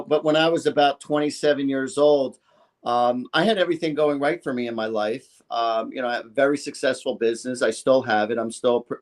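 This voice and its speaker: A man in his fifties, a psychic guest on a talk show, talking in an emphatic, rambling way and acting out quotes. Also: medium pitch. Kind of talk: animated talk show chat.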